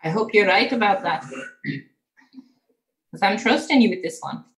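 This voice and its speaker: A gruff, grumbling village woman, as a woman puts her on for a tabletop game. She sits at a middling pitch, clipped and wary, and tacks an "eh" onto her lines. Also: animated, normal speed, a bit bright.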